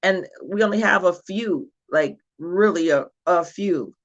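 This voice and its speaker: A woman's voice: on the low side, measured pace. A woman guest talking in an effusive, grateful way during a casual chat. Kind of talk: casual video-call chat. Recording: muffled lo-fi call audio.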